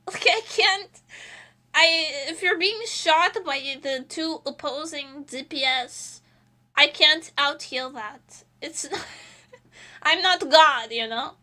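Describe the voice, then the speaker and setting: A woman's voice: high voice, pushed and bright. A woman streamer chatting casually while she draws, rambling and laughing often between thoughts.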